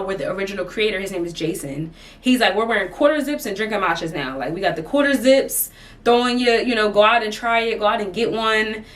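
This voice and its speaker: A woman's voice: medium pitch, far from the mic. A woman vlogging casually from her sitting area at home, chatty and laughing often between thoughts. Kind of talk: casual chat to camera.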